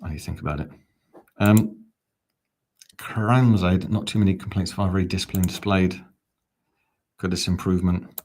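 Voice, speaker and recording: A man's voice: sits low, fairly even intonation, normal speed, long pauses, a little mellow. A man hosting a live football watch-along stream, chatting casually and reading out viewer comments with dry asides.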